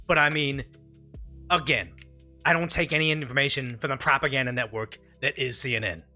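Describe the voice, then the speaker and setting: A man's voice: medium pitch, a little fast, bright, forceful tone, soft background music. A man hosting a live stream, giving emphatic, rambling opinion commentary on clips and often restarting mid-sentence.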